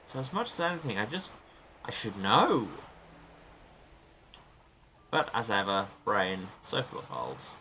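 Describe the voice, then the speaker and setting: A low-voiced man with a bright, sharp tone and a very lively, swooping delivery, talking through his gameplay. He chats and mocks himself, muttering asides as he plays in a small closed-up room. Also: unhurried, long pauses, slight background noise. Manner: chatty and self-mocking, muttering to himself. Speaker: let's play host. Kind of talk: gaming commentary. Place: small warm sealed room.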